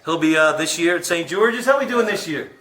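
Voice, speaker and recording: A man interviewing a coach, chatting casually and telling rambling stories with halting restarts. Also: on the high side, expressive, fairly bright tone. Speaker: interviewer and comedian. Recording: echoey room.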